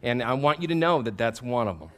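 Preaching fast in a medium-pitched voice, this pastor is a man in his fifties. He shapes his sermon around self-deprecating tales from his life, delivered with animation and a jump in loudness at each punchline.

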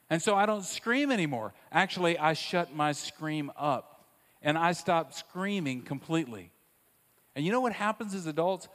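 A man preaching a sermon, moving between quiet asides and loud, emphatic repetition. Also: on the high side. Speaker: pastor. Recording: long reverb of a large hall.

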